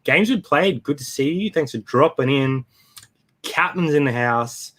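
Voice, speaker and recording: Man, Australian accent, relaxed live-stream host, mid pitch. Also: measured pace. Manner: laid-back, reads out chat names. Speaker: co-host of a live reselling show. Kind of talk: casual live-stream chat.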